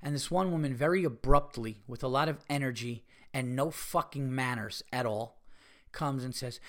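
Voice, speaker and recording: A man's voice: mid-range voice, normal speed. A man hosting a podcast, delivering a comedic rant with profane, fired-up energy. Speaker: podcast host.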